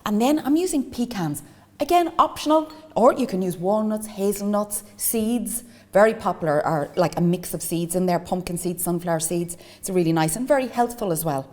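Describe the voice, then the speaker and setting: A woman's voice: medium pitch, animated, moderate pace, in a large hall. An Irish woman teaching a baking lesson, chatty and enthusiastic as she gives tips and little asides while she works. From Ireland. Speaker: cooking teacher. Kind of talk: cooking demonstration.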